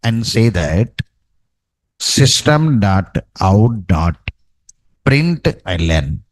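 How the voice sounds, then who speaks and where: A man's voice: lowish voice, big pitch swings, extremely slow, low-quality recording. A man teaching a programming class, dictating code and checking in with "no?" and "okay, right". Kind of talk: live coding lesson.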